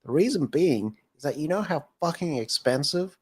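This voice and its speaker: A man's voice: a little high, lively intonation, normal speed, a little mellow, breathy edge. A man co-hosting a podcast, chatting casually in a laid-back way and swearing now and then. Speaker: podcast co-host. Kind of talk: casual chat.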